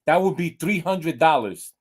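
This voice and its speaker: A man voicing a matter-of-fact male vet in a joke, with deadpan delivery. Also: fairly high pitch, moderate pace, husky, voice pushed up. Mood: sombre.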